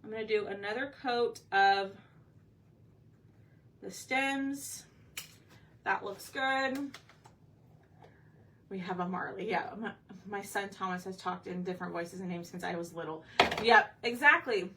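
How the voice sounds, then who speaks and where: A woman hosts a relaxed live painting session, with a sharp, bright tone as she chats and thinks aloud. She keeps turning to viewers for their input. Her voice sits a little back from the microphone, with a faint hiss behind it. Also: mid-range voice, a little slow, pauses often. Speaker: craft painting host. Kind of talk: casual live painting chat. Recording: slightly distant mic with faint background noise.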